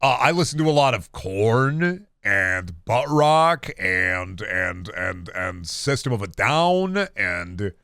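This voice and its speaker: A man's voice: fairly low pitch, big pitch swings, slow, hardly any pauses, a bit bright, dry recording, studio quality. Profane, rambling man in his thirties. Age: 30s. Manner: rambling and profane, with bursts of playful baby talk. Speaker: streamer. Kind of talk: casual live-stream chat. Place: home.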